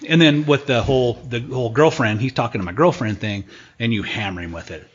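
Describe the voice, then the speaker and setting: A man talking casually as a guest hunting expert on a podcast, animated and fond of acting out what the animals would say. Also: mid-range voice, brisk, husky, lo-fi sound.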